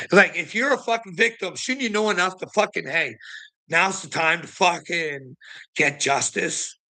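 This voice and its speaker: A man's voice: on the high side, bright, forceful tone. Swearing man ranting bitterly. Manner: heavy swearing, bitter and indignant. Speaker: streamer. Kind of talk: angry livestream rant.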